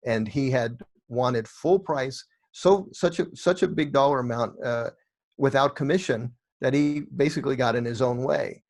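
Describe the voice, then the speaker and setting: Middle-aged man telling lively stories. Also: medium pitch, normal speed. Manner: animated storyteller acting out quoted dialogue. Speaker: guest, real estate investor. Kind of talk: storytelling interview answers.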